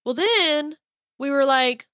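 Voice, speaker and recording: Bright, high-voiced woman podcast co-host. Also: slow, no echo, studio quality. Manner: animated storyteller, acts out dialogue. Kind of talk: casual chat.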